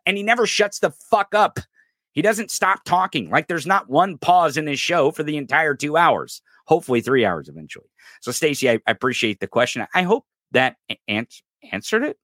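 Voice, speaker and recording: Lively, bright-voiced man hosting a podcast. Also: a little high, normal speed, no echo, clean studio sound. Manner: profane, rambling, animated, laughs and stumbles often. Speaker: podcast host. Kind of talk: casual political podcast rant.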